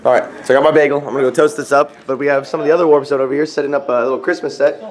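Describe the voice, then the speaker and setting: A man's voice: a little high, fairly even intonation, racing, a crowd in the background. A young man hosting a casual behind-the-scenes vlog, joking as he narrates. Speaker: vlogger.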